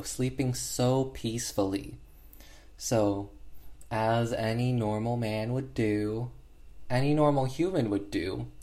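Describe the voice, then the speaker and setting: A man's voice: lowish voice, a little mellow. A man hosting a podcast who retells an old film in a casual, sarcastic way, filling his talk with "like". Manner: chatty, sarcastic, peppered with "like". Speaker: film reviewer, podcast host.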